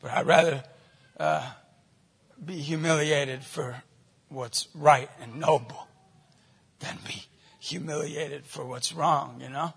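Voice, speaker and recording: A man leading a Catholic evangelization ministry, telling stories in a conversational, animated way in a talk to a church group. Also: on the high side, takes it slowly, vocal fry, pauses often, slightly rough, long reverb tail.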